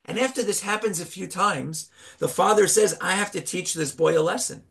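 A man with a high voice teaching a Torah lesson. He tells the story in a lively, animated way and keeps asking his listeners rhetorical questions. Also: fairly quick, creaky. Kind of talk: Torah class.

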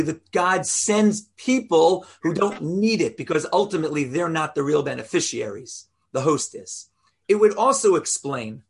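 A man's voice: on the high side, fairly bright tone, husky. A rabbi teaching an informal Torah class, explaining step by step and quizzing his listeners in a conversational way.

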